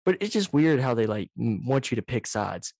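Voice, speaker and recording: A man hosts a casual podcast over a video call, telling stories in an animated, profane way. His mic sits right up against him, so he comes through loud and close. The sound is dry. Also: medium pitch, normal speed, vocal fry, no echo. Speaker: podcast host. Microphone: too close to the microphone, loud.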